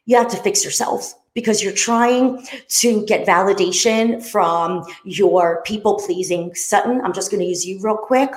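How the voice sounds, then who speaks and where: A woman's voice: mid-range voice, unhurried, hardly any pauses. A woman in her fifties hosting her show, talking in an earnest, rambling way with frequent side notes. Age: 50s. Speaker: show host. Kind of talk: casual monologue. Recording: roomy echo.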